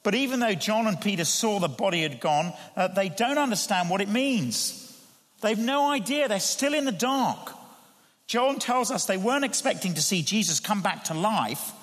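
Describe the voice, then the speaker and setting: Expressive preacher man in a reverberant hall. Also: high voice, normal speed. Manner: expressive, rising to emphatic peaks and dropping to hushed tones. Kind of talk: sermon.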